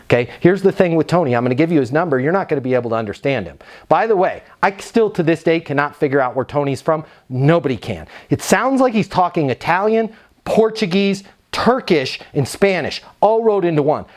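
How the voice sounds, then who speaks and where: A man with a fairly high voice tells an energetic story in a casual, conversational way. He sounds relaxed and animated, like he is speaking to a room of salespeople. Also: a little fast. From United States. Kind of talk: storytelling talk.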